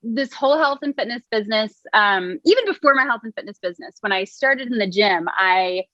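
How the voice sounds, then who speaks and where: A woman's voice: a little high, expressive, fairly quick, pushed and bright, no echo, lo-fi sound. A woman in her thirties, a wellness coach, chatting in an interview, laughing often and using lots of fillers. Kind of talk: casual interview chat.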